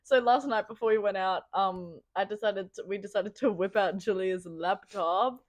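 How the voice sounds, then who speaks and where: A woman's voice: mid-range voice, moderate pace, no room sound. A woman co-hosting a podcast, telling a story in casual chat, giggling and swearing as she goes. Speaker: podcast co-host.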